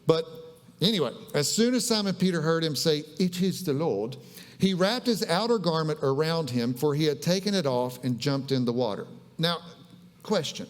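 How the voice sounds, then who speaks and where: A man's voice: on the high side, expressive, moderate pace, big-room sound. A man preaching a conversational, humorous sermon in a church. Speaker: pastor. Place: church sanctuary.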